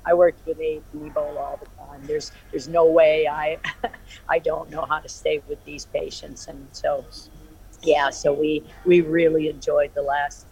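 A woman's voice: deep voice, level tone, normal speed, vocal fry, darkish tone, breathy edge, low-quality recording. A middle-aged woman, an interview guest, telling a personal story in an emphatic, rambling way with many restarts. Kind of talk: emotional personal account in an interview.

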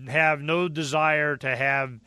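A man in animated political talk, emphatic and storytelling, acting out the people he quotes. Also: fairly high pitch, takes it slowly, clean tone, dry recording, clean studio sound.

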